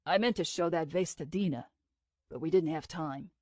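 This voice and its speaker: A woman's voice: low voice, normal speed, mellow, no echo, studio quality. A woman reading the lines of a troubled man who speaks in an earnest, brooding way. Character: man, intense time traveler, troubled.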